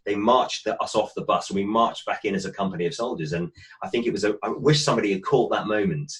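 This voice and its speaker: A man and cast member recalls a moment in a reflective, halting way, often stopping to search for words. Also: fairly low pitch. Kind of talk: reflective reminiscence.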